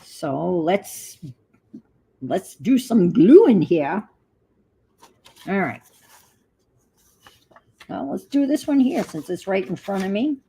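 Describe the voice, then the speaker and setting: A woman's voice: mid-range voice, very animated, slow, long pauses, dark tone, slightly rough, poor audio. An older woman hosting a crafting livestream, chatting casually and muttering to herself as she works. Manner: talks to herself while working, muttering asides.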